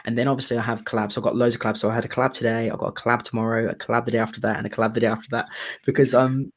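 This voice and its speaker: A man, hosting a casual live chat about singing theatre songs, talking quickly with frequent restarts. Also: mid-range voice, little pitch movement. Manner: chatty, many restarts. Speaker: theatre singer and channel host.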